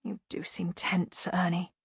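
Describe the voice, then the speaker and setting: Woman doing a soft-spoken, menacing gentleman. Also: lowish voice, monotone, measured pace, dry recording, clean studio sound, heavily acted. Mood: silky. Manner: quiet, smooth, falsely friendly. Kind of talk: audiobook character reading.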